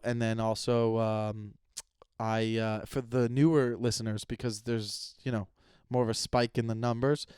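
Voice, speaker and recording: The voice is a young man's, medium-pitched with a darkish, clear, resonant tone, captured dry and clean in the studio on a close podcast mic. Hosting his own show solo, he rambles casually and swears while venting about his listeners.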